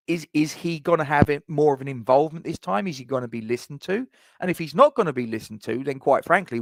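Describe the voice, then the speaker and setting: A man's voice: medium pitch, no room sound. A man hosting a fan live stream, chatting casually in rambling sentences with frequent restarts and asides. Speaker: fan channel host.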